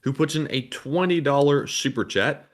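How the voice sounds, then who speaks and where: A man co-hosting a casual livestream, reading each viewer donation and message aloud in a steady announcing manner. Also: fairly high pitch, moderate pace. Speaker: livestream co-host reading super chats.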